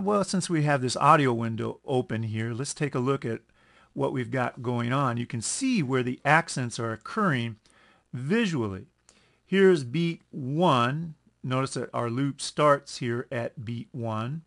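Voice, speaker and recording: A man teaching a music lesson over a screen recording, explaining at an unhurried pace, correcting himself and counting beats aloud. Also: medium pitch, gravelly, fairly bright tone. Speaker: music instructor.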